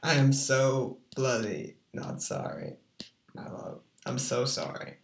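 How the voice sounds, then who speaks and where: A woman chatting casually in a theatrical way, breaking into sung snippets and swinging between crooning and shouting. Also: rumbling low, animated, takes it slowly, vocal fry, slight background noise. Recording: echoey room.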